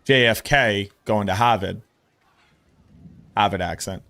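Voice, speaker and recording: Excitable, foul-mouthed male streamer. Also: on the low side, slow, gravelly, long pauses, no room sound, faint music behind. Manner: excitable, blunt, swears freely. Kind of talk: casual live-stream commentary.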